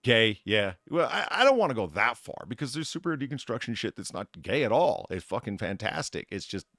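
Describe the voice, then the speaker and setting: An American man in his thirties holds forth on a podcast in a low, gravelly voice. His pitch rises and falls a lot, and the recording is close and dry. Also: big pitch swings, fairly quick, a bit bright, no room sound. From United States. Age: 30s. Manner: rambling, swearing, opinionated. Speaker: podcast host. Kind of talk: casual chat, reading news.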